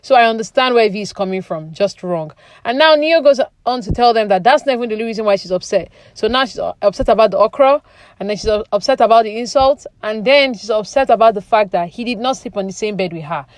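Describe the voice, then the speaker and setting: A woman's voice: medium pitch, fast talker, dry recording. A woman talks through the latest reality TV drama in a loose, chatty way, sprinkling her lines with fillers. Her voice sits in a middle register. It is recorded close and dry. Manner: chatty, opinionated, many fillers like "you know". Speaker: reality TV commentary vlogger. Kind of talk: casual recap commentary.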